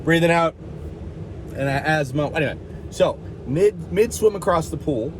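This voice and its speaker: A man's voice: a little high, lively intonation, moderate pace, noisy background. A man vlogging in a rambling, jokey, self-mocking way, with lots of fillers and over-the-top asides. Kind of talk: casual rambling vlog.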